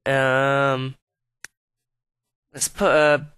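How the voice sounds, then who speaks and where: A man's voice: mid-range voice, little pitch movement, extremely slow, bright, forceful tone, clean tone, no echo. A man giving profane, exasperated running commentary while playing a life-simulation video game. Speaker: let's play host.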